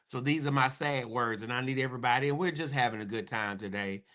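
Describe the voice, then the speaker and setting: A middle-aged man hosts a casual live-stream chat, talking fast and joking sarcastically, with sudden excited high bursts.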